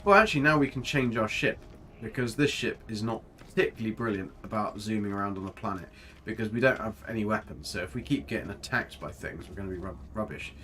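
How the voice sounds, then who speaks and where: This man chats casually while streaming a game, joking, rambling, and reading his chat aloud to answer it as he plays. His voice is on the low side and fairly bright, moving quickly with few pauses. Faint music plays in the background.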